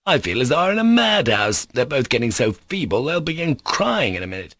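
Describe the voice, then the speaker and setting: A man's voice: medium pitch, big pitch swings, a little fast, fairly bright tone, no room sound, pitched above the performer's own voice. A mocking, spiteful young man voiced by a male narrator from a classic novel reading. He sneers and taunts in a slightly raised voice. The recording is close and dry. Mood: taunting.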